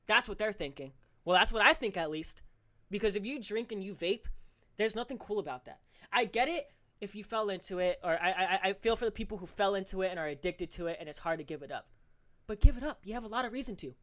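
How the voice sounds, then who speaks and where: A man's voice: high-pitched, fast talker, a bit bright. A teenage male podcast host delivering a heated, profane solo rant, scolding his listeners directly. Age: teens.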